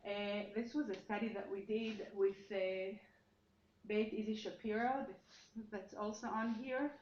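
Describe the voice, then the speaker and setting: A woman's voice: mid-range voice, fairly even intonation, unhurried, a little mellow. A woman presents her research at a seminar, explaining as she goes and often reworking her sentences mid-thought. Her voice carries through an echoey room with a dull, muffled tone and a faint hiss of noise behind it. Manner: explanatory, thinking aloud with frequent restarts. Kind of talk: academic seminar talk.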